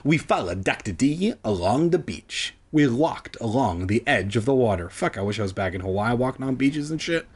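A man's voice: mid-range voice, expressive, normal speed, hardly any pauses, husky. A man reading a children's book aloud for comedy, with sarcastic, profane asides. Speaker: comedic reader.

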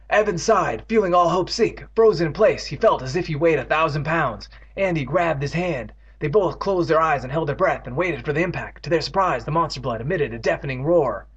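A man's voice: on the high side, expressive, a little fast, few pauses, husky. A man reading a children's book aloud, interrupting it with sarcastic, profane jokes. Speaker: comedic reader. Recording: dull lo-fi recording.

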